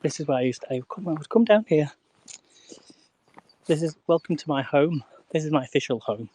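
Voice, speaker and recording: A man's voice: fairly high pitch, brisk, dark tone. A man chatting casually to viewers on a live stream while walking outdoors along a canal towpath, greeting people and laughing often.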